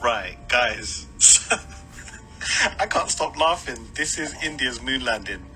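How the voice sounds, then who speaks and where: A man's voice: mid-range voice, animated, takes it slowly, pushed and bright, soft background music, rough recording. A man mocking a video in casual commentary, laughing and putting on voices as he talks. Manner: mocking, laughing, mimics others.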